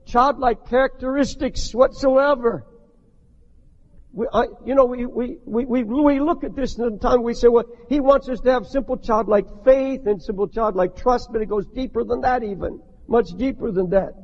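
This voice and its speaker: An older man preaching a sermon as a pastor, impassioned, rising to shouts, with many restarts. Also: extremely high pitch, normal speed. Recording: dull archival recording in a long-echo hall.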